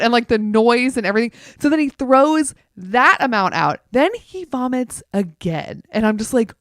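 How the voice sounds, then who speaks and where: A woman's voice: fairly high pitch, normal speed, hardly any pauses, no room sound. Woman telling a story, dry mic. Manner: animated storytelling, frequent "like" fillers. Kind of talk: casual chat.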